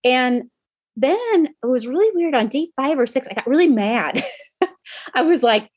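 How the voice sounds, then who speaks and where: A woman's voice: high-pitched, lively intonation, measured pace, darkish tone, no echo. A woman podcast host and coach telling a personal story in a casual, chatty way. She talks straight to her listeners, with lots of "um"s and self-corrections. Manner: many "um" fillers and self-corrections.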